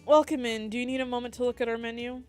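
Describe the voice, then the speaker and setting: A woman voicing an indifferent young woman cafe server with brisk, polite service talk. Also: on the high side, fairly even intonation, darkish tone, clear, resonant tone, faint music behind, pitched above the performer's own voice, natural voice.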